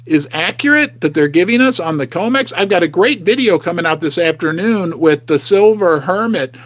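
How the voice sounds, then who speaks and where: Animated middle-aged man with lively pitch. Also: normal speed. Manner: chatty, folksy and emotional, asks viewers questions. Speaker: host of a precious-metals investing channel. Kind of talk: casual livestream talk to viewers. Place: home basement.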